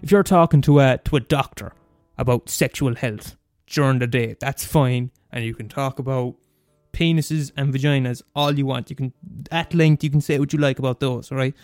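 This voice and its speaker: A man's voice: medium pitch, moderate pace, few pauses, no echo, clean studio sound, faint music behind. A young man in his twenties with an Irish accent, ranting casually and cursing freely. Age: 20s. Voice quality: sweary, animated rant. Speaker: student radio host. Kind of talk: casual monologue.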